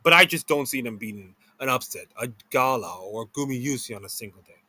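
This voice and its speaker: A man giving casual commentary as he ranks players, rambling with many restarts and self-corrections, and talking slowly and sluggishly after a meal. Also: medium pitch, expressive, bright, forceful tone, slightly rough. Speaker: esports video creator.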